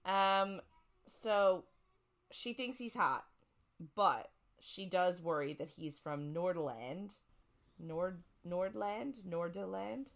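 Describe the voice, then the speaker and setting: Retelling a book's plot on the casual podcast she co-hosts, this woman rambles, filling her speech with "like" and "um". She speaks slowly in a fairly low, creaky voice with lively intonation.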